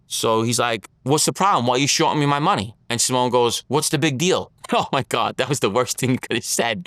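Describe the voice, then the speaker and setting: A man's voice: mid-range voice, a bit bright, smooth, no echo, clean studio sound. Blunt New man telling a story. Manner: blunt street talk, acts out others' lines in his story. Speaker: interview guest. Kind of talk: storytelling in an interview.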